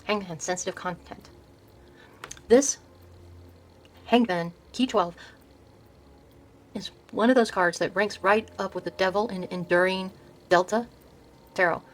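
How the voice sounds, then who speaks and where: An older woman hosting her own video, softly showing tarot decks and reading card names aloud, often trailing off and restarting words. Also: medium pitch, steady tone, normal speed, long pauses, rough recording. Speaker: host showing her tarot deck collection. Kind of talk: soft-spoken casual deck walkthrough.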